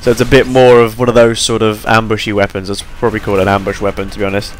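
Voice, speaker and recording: A man's voice: lowish voice, completely flat delivery, quick pace, faint music behind. Tired, rambling young man. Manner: rambling, chatty, self-deprecating. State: tired and yawning. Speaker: gameplay commentator. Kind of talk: casual gameplay commentary.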